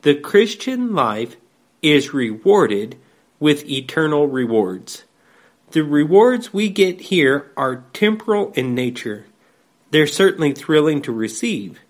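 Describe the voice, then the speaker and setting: Slow, measured male preacher. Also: a little high, very animated. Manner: slow, measured reading with scripture quotes. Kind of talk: devotional sermon.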